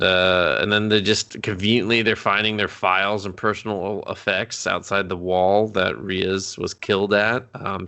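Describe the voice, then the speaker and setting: A man from Canada riffs through a movie recap in casual review chat. His voice is low with a gravelly fry, and he talks sarcastically, swearing freely and tossing in mock character lines. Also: bright, forceful tone. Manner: sarcastic, swearing, acts out characters in quick asides. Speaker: podcast co-host.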